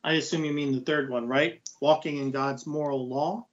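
A man's voice: fairly high pitch, normal speed, lo-fi sound. A man co-hosting a Bible study program, chatting casually and teasing his partner. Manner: joking, teasing, lively.

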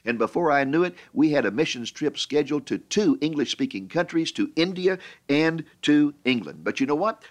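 A middle-aged man preaching a sermon and telling stories in an animated way, often stammering and repeating words. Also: medium pitch. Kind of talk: sermon storytelling.

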